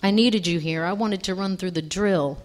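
An impatient husband from a read-aloud story, pressing his point with insistent urgency, as a woman narrator reads him in her fairly low voice. His lines come out clipped and demanding. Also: normal speed, natural voice.

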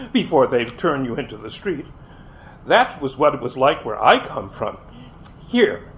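Male reader, fairly high voice, first-person novel, expressive with small slips; lo-fi, light hiss. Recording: dull lo-fi with faint hiss.

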